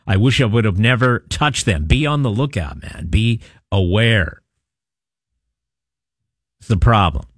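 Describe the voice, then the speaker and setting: A man's voice: fairly low pitch, animated, unhurried, long pauses, dry recording, clean studio sound. A man hosting a talk radio show, reading a news story and taking texts with wry, chatty asides. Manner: conversational, wry asides, frequent uh fillers. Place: radio studio. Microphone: studio microphone.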